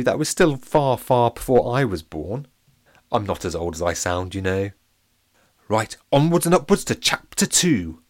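A man narrating a children's audiobook, with playful asides to his listeners. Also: mid-range voice. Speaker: storyteller.

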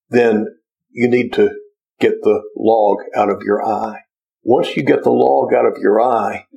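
A man preaching a sermon as pastor, with slow, deliberate delivery and earnest pleas to the congregation. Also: medium pitch, darkish tone, rough recording.

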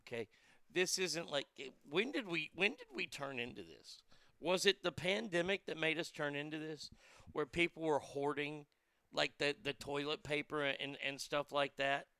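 A man's voice: on the high side, moderate pace, gravelly, pushed and bright, clean tone, no echo, clean studio sound. A man working as a radio DJ, reading odd news and ranting about it in a sarcastic, crude, rambling way. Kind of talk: profane talk radio commentary.

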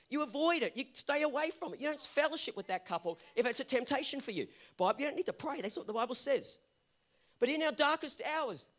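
A male pastor delivering an earnest sermon that builds to emphatic peaks. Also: extremely high pitch.

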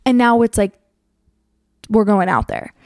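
A woman's voice: mid-range voice, sing-song, measured pace, no echo. A young woman telling a casual story in a chatty way, packed with fillers and acted-out quotes. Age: young adult.

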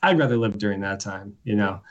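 A man's voice: on the low side, lively intonation, a little fast, dull audio. A man, a poet appearing as a guest, talking bluntly and wryly in casual conversation and reading his own poems aloud. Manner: blunt, opinionated, wry.

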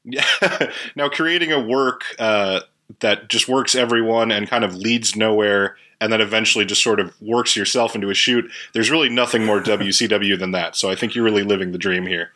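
A male podcast host with a low voice and dry, close sound. He talks in a casual, rambling way, with plenty of fillers and self-corrections. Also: normal speed, pushed and bright, no room sound. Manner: chatty, rambling with many fillers. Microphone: home recording setup.

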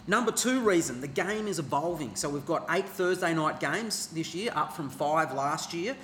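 A man's voice: on the high side, normal speed, fairly bright tone. An Australian man co-hosting a podcast, making earnest points with some hesitations. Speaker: podcast co-host. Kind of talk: casual podcast discussion. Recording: roomy studio with faint noise.

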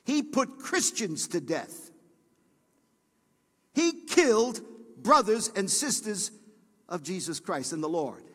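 A middle-aged man preaching a sermon to his congregation, swinging from hushed, low passages to loud, high, shouted peaks. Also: sing-song, slow pace, pauses often, slightly rough, big-room sound. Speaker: pastor. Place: church sanctuary.

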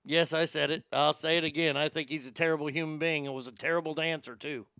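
A man's voice: fairly high pitch, steady tone, fast talker, sharp tone, clean tone, dry recording, studio quality. A man hosting a show, giving a profane, combative and sarcastic rant about celebrities. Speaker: host. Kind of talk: ranting celebrity commentary.

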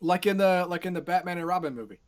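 A man's voice: sits high, quick pace. A man co-hosting a casual podcast, breaking in with skeptical, wry remarks. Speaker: podcast co-host. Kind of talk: casual chat.

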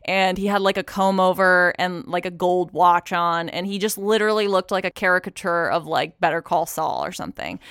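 A woman's voice: on the low side, a bit bright, clear, resonant tone, no room sound, clean studio sound. A young woman vlogger telling a personal story in a casual, chatty way, with lots of fillers and free swearing.

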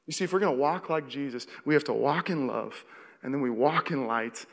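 A young pastor from the Seattle area, USA preaches a sermon in a medium-pitched voice at a slightly quick pace. He tells a story vividly, acting out his own panic, with the long reverb of a church hall around him.

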